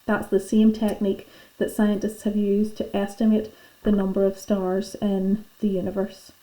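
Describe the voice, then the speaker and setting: A woman's voice: medium pitch, monotone, moderate pace, warm tone, poor audio. A woman teacher, patiently and chattily talking pupils through filling in their lesson notes. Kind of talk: classroom lesson going through worksheet notes.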